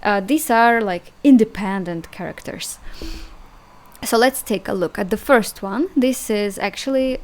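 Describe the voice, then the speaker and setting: Casting: young Russian-accented woman, native Russian, unhurried chatty online tutor, hesitant, mid-pitched. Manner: hesitant, chatty, laughs at herself, drawn-out sound demonstrations. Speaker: language teacher. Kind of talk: casual online language lesson.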